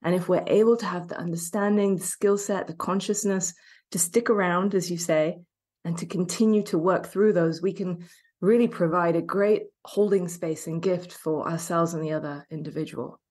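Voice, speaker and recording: A woman's voice: on the low side, steady tone, moderate pace, a little mellow. A woman hosting an interview, talking reflectively and searching for her words as she goes. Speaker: host. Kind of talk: interview conversation.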